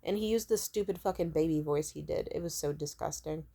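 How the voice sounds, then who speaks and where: A woman's voice: low voice, a little fast, vocal fry, mellow. A woman vlogger telling a casual storytime rant, emphatic and rambling, full of swearing.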